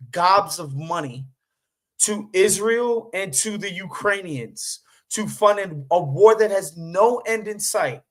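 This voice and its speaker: A man hosting a podcast, giving casual, profane political commentary with lots of fillers and restarts. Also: high voice. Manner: animated, profane, many fillers. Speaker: podcast host.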